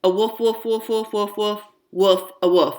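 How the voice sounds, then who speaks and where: A woman's voice: mid-range voice, steady tone, measured pace, darkish tone, roomy sound, pitched above the performer's own voice, close to an everyday voice. A woman reading aloud, voicing a stubborn little girl who pretends to be a puppy and barks and growls playfully.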